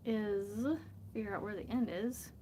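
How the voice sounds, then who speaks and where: A woman's voice: mid-range voice, fairly even intonation, unhurried, dark tone, a little hiss or hum. A woman chatting casually on a crafting vlog, rambling and often laughing as she works. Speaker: crochet vlogger. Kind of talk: casual livestream chat while crafting.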